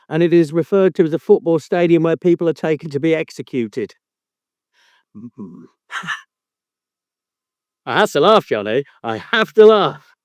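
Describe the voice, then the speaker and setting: A man's voice: high voice, darkish tone, no room sound, lo-fi sound. A man hosting a podcast in casual chat, teasing his co-host with mock indignation and free swearing.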